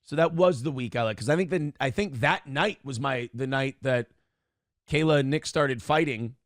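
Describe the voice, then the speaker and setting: A man's voice: medium pitch, moderate pace, no echo, studio quality. A man telling a rambling, self-correcting story in a casual livestream, acting out what others said. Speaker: streamer reading chat and telling a story.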